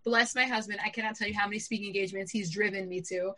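A woman in her thirties, a public speaker, telling a personal story in an animated way and jumping up in pitch when she quotes herself. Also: rapid-fire, poor audio. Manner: animated, jumps high when quoting herself.

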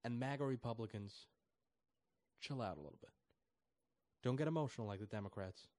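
A man from the United States delivers an animated political rant in a mid-range voice. He presses hard on his points, gets loud and then drops soft, and leaps up in pitch to mock others. The sound is dry and close, with little room around it. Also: a little fast, no echo. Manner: mocking voices with high squealing jumps; emphatic, swings loud and soft. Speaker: political commentator.

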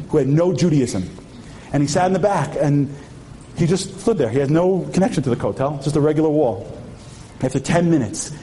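A man's voice: fairly high pitch, warm tone, slight background noise. A man giving an impassioned sermon-like speech at a memorial tribute, firing rhetorical questions at the audience and weaving in Hebrew terms.

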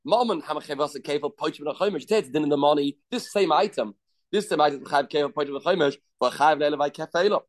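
Guy teaching talmud, higher voice, keeps asking questions and answering them, lots of hebrew and aramaic terms. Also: fast talker. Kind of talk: daily Talmud class.

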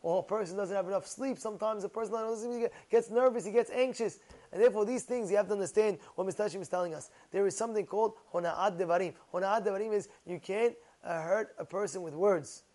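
A man giving an animated sermon, telling stories, repeating words and using Hebrew terms. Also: high-pitched, quick pace. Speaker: rabbi giving a Torah talk.

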